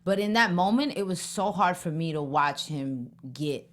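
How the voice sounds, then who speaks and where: A woman's voice: lowish voice, animated, moderate pace. A woman co-hosting a fan talk show, sharing thoughtful reactions in a casual chat and reading from her notes. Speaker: co-host.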